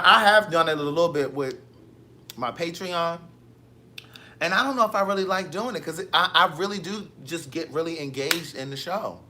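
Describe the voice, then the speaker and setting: A man hosting a casual live stream, reading viewer comments with sassy, animated storytelling. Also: sits high.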